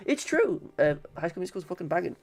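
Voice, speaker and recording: A man's voice: sits high, sing-song, fast, darkish tone. A man streaming casually, swearing and bantering with his chat.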